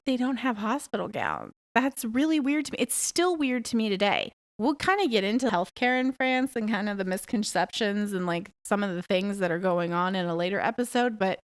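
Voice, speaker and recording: She's a woman in her thirties hosting her own podcast, speaking bluntly and frankly with plenty of swearing in a casual monologue. Her voice sits a little high. It's studio-quality audio without any echo.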